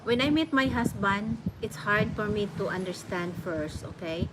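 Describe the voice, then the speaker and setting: A woman's voice: mid-range voice, expressive, moderate pace. A middle-aged woman with a Filipino accent, chatting casually with her viewers, laughing often and restarting her sentences. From Philippines. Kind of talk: casual chat. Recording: noisy home recording.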